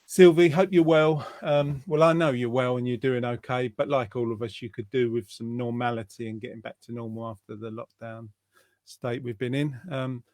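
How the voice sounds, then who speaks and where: A man's voice: mid-range voice, fairly even intonation, moderate pace, dry recording. Male host, rambling friendly chatter, dry video call mic. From England. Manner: warm, rambling, chatty with fillers. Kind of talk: casual online group chat.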